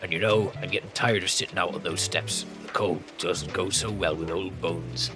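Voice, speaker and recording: A man's voice: low-pitched, fairly even intonation, moderate pace, over music, voice pushed down, lightly acted. A man voicing a chatty old seaside shed keeper in a cozy game, with a homely, rambling manner.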